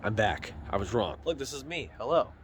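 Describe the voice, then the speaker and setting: A man's voice: on the low side, sing-song, fairly quick, slight background noise. A man rambling casually while fixing a car in his garage, filming on a handheld phone camera. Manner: rambling, self-deprecating, chatty. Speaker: vlogger. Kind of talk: casual chat.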